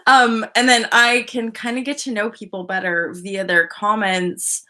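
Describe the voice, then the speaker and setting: Bright-voiced woman chatting on a live stream. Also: mid-range voice, fairly even intonation, a little slow. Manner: rambling, chatty, greets viewers by name. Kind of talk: casual live-stream chat.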